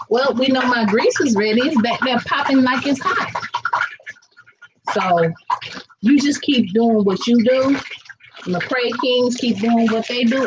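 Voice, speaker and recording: A woman's voice: mid-range voice, highs cut off, background noise. A chatty woman, rambling casually to viewers while she cooks in her kitchen. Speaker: vlogger cooking live. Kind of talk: casual live-stream chat. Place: home kitchen.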